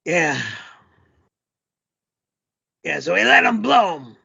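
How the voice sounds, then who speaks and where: Casting: hoarse, gravelly man, rambling hesitant storyteller, husky, dull lo-fi stream. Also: sits high, big pitch swings, slow, long pauses, pushed and bright. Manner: rambling, hesitant, many fillers. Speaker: show host. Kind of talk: casual livestream storytelling.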